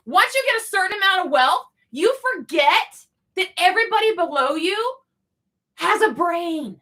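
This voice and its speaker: A young adult woman co-hosting a podcast, delivering an angry, sarcastic, swear-filled comedic rant with frequent shouting. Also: very high-pitched, animated, moderate pace. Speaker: podcast co-host.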